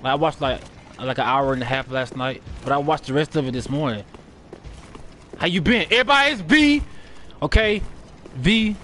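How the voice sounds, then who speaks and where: A man's voice: mid-range voice, normal speed, pauses often, a bit bright, slight background noise. A man doing live gameplay commentary, trash-talking and cursing at enemies while he plays. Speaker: gaming streamer.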